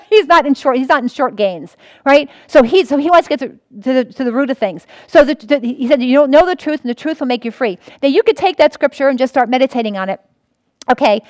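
A woman's voice: sits high, no echo. A woman pastor teaching a sermon in an earnest way, often restarting and repeating her points.

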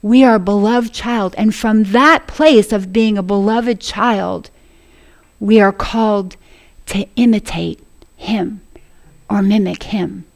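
A woman's voice: medium pitch, takes it slowly, vocal fry. A woman preaching a sermon to a congregation, earnest and laughing often as she speaks.

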